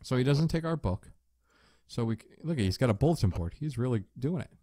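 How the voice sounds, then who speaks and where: A man's voice: medium pitch, fairly quick, a little hiss or hum. Chatty man doing gameplay commentary. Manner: relaxed, chatty, jokey asides. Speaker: let's play host.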